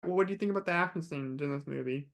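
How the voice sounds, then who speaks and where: A man's voice: a little high, racing, vocal fry. A man co-hosting a casual film podcast, easygoing and joking. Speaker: podcast co-host.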